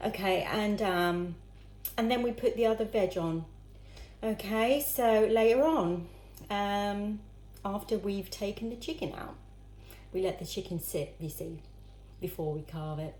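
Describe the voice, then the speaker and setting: A chatty woman talks herself through her cooking, mid-pitched and casual. The home kitchen rings with echo, and knives, dishes and pans clatter around her. She chats to the viewers and to herself while she works. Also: measured pace, darkish tone, a little hiss or hum.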